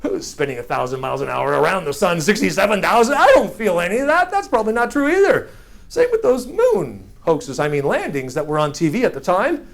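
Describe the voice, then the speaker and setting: A man telling a personal childhood story in an animated, self-mocking way, often laughing as he talks. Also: high voice, a little fast, gravelly.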